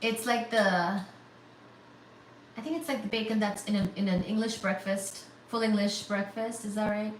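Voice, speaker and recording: A woman hosting a casual livestream, chatting with viewers and thanking them for super chats in a bubbly, excitable way. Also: mid-range voice, normal speed. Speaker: livestream host. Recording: roomy, distant, faint static hiss.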